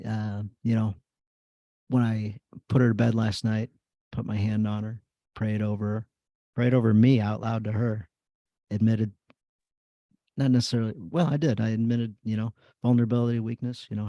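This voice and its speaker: A man's voice: fairly low pitch, little pitch movement, normal speed, pauses often, dark tone, no room sound, dull audio. A man hosting a podcast, telling a personal story in casual chat, rambling with many fillers. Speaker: podcast host.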